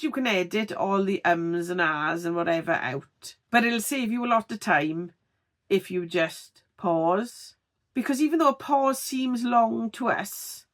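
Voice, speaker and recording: Woman, tutorial presenter, unhurried, animated pitch, crisp over-articulated delivery. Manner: expressive, deliberately over-articulated. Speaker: video creator teaching on-camera speaking. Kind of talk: tutorial vlog.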